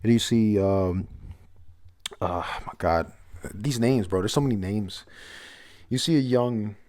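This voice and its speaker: Man, casual rambling chat, low voice, mellow tone, swears, reads panels aloud. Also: a little slow. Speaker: manga chapter reviewer.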